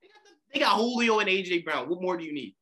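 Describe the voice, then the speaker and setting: A young man co-hosting a podcast, animated and slangy, saying "bro" a lot. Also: sits high, fast, a little hiss or hum. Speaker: podcast co-host. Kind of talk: casual chat.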